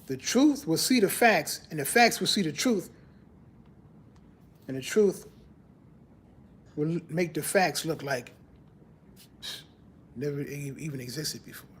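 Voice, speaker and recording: A man's voice: measured pace, pauses often, husky. A man hosting a podcast in casual, conversational faith talk, greeting viewers and repeating his phrases. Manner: animated, rises in pitch when mocking church talk. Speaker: podcast host.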